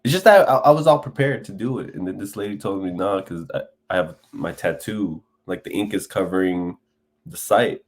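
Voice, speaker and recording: A man's voice: low-pitched, normal speed. A man co-hosting a comedy podcast, chatting casually with teasing banter and frequent laughs. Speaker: podcast co-host.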